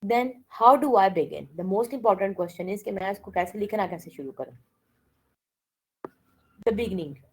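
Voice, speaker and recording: A woman's voice: medium pitch, expressive, very fast, long pauses, a little mellow, breathy edge, poor audio. A woman giving a classroom lecture, mixing languages and often checking with "okay?". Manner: code-switches and keeps checking with "okay?".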